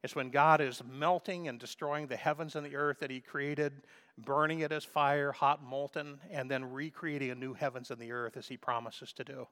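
A man's voice: mid-range voice, fairly even intonation, normal speed, bright, forceful tone. A man preaching a sermon in an earnest, emphatic way, sometimes stumbling and restarting as he builds his points.

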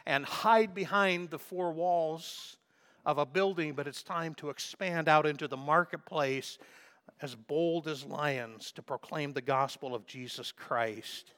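A man's voice: a little high, measured pace, fairly bright tone. A man preaching a sermon in an earnest, emphatic way, sometimes stumbling and restarting as he builds his points.

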